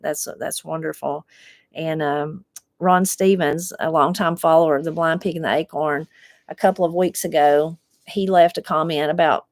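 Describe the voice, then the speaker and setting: A woman with an Appalachian accent, reading viewer comments in a low voice and talking them over in an easy, folksy way. The sound is dry and close, with no room echo. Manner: unhurried, folksy, reflective. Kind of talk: casual chat.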